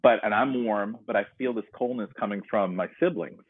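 A man's voice: on the low side, fairly quick, slightly rough. A man from North Carolina telling his personal story as an interview guest, earnest and reflective, often restarting his sentences. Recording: dry tinny phone-like line.

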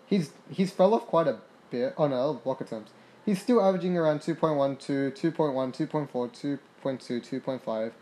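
A young gaming podcaster, his voice a little high and his pace moderate, riffs casually on a basketball sim game. He reads the stats aloud, swears freely and gets worked up.

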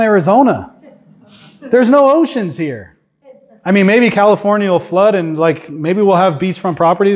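Husky, high-voiced male preacher. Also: a little mellow. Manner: earnest, emphatic, rhetorical questions to the congregation. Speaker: guest preacher. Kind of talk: sermon. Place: church.

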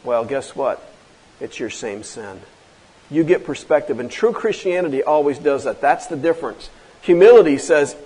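Pastor guy preaching, pretty high voice, keeps hitting you with questions. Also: moderate pace, mellow, husky, rough recording. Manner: emphatic preaching, many rhetorical questions. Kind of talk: sermon.

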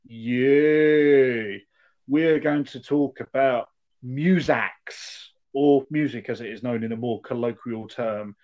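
A man's voice: medium pitch, steady tone, measured pace, a little mellow, muffled recording. A man co-hosting a podcast, making playful mock-formal segues in casual chat. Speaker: podcast co-host.

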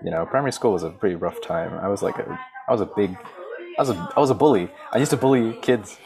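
Deep-voiced young man, American accent. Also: fast talker, a little mellow. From Australia. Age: young adult. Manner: chatty storyteller, jokey. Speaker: podcast co-host. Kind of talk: casual chat.

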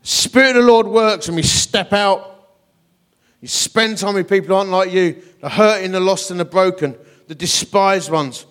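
Animated preacher with a high voice. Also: male voice, moderate pace, clear, resonant tone. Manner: animated, self-deprecating, acts out voices in his story. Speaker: guest preacher. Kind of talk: storytelling sermon.

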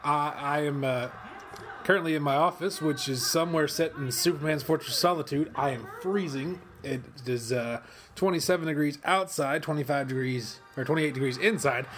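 Man, fairly high voice, rambling casual commentary, swears a lot, excitable outbursts, home office. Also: moderate pace, a little hiss or hum. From western Kentucky, USA. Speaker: host. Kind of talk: casual watch-along commentary. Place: cold home office studio.

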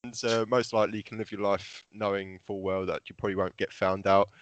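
A man's voice: fairly low pitch, flat delivery, fast. A man co-hosting a podcast, putting jokey questions to a guest. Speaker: podcast co-host. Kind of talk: casual chat.

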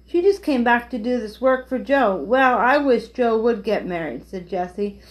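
A woman's voice: fairly high pitch, animated, moderate pace, rough recording. A woman reading a children's chapter book aloud, giving the characters light voices. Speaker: storyteller.

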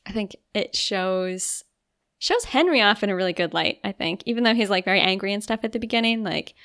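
A woman's voice: medium pitch, lively intonation, fairly quick, a bit bright, no echo. Young woman, podcast co-host, casual chat, filler-heavy, dry sound. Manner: chatty, many "like" fillers, giggly.

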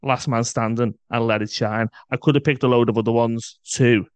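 A man's voice: mid-range voice, fairly even intonation, normal speed, dry recording. A British man co-hosting a music podcast, talking casually and bluntly, swearing freely. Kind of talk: casual chat.

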